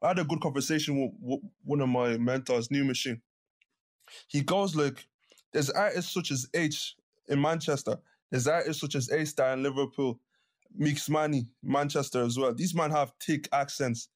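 A man, a rapper guest on a podcast, talking in a slangy, animated way. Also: mid-range voice, moderate pace. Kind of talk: podcast discussion.

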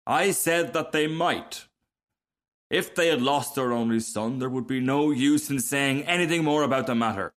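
A man's voice: medium pitch, normal speed, fairly bright tone, voice pushed up, close to an everyday voice. A man voicing a pompous, self-pitying male firework rocket in a storybook reading, haughty and theatrical.

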